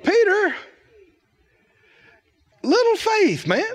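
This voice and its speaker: An older man preaching a sermon, animated and playful, often laughing at his own points. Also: extremely high pitch, drawn-out words. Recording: hall reverb.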